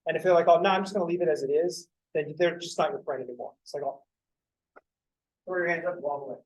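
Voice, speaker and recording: In a classroom, a young man teaching math speaks quickly in a voice that leans slightly high. His loose, jokey style wanders into rants and offhand cursing before he returns to the material, and the recording is rough.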